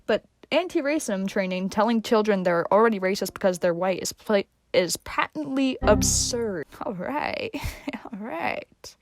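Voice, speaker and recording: A young woman hosting a casual reaction vlog, slangy and sarcastic. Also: mid-range voice. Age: young adult. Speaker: vlogger, host.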